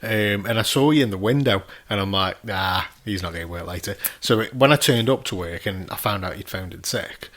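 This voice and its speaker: A man's voice: fairly low pitch, fairly quick, hardly any pauses, fairly bright tone. A man, telling rambling, sweary anecdotes on a casual podcast. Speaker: podcast co-host. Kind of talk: casual chat.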